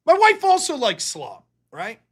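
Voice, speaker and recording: A man's voice: very high-pitched, huge pitch swings, unhurried, fairly bright tone. A man hosting a livestream, talking casually in a rambling, profane, jokey way. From United States. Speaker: livestream host.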